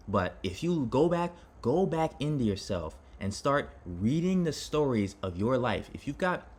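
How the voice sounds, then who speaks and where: Speaking to his audience directly, a man who vlogs about self-improvement pours out a dramatic, rambling monologue, often starting his sentences over. His medium-pitched voice has a breathy edge.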